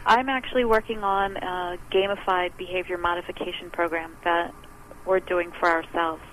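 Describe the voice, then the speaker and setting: A woman's voice: lowish voice, fairly even intonation, moderate pace, a bit bright, a little hiss or hum, poor audio. A woman who runs her own business, talking chattily as an interview guest and acting out other people's words as she explains things. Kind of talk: conversational interview.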